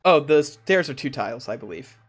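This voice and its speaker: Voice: medium pitch, expressive, brisk. A laid-back dungeon master running a tabletop game over voice chat, often laughing. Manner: easygoing, breaks into laughter.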